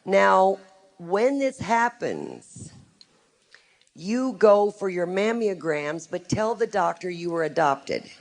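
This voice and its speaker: A middle-aged woman speaks to a group in a live talk, her voice gravelly and set at a middle pitch. She is a psychic who tells stories frankly and with dry humor. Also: very animated, slow pace. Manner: wry, frank storytelling with humor. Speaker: psychic giving a lecture.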